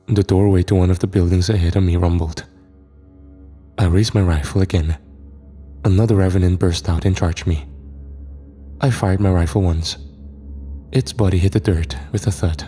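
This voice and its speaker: A man narrating a first-person horror story in a steady, even manner. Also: sits low, normal speed, long pauses, faint music behind.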